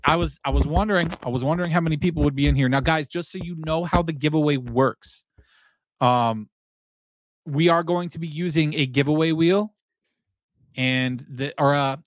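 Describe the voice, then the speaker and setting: Man, livestream host, casual chat, excitable, repeats himself, dry close mic. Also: a little high, no room sound. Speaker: podcast host.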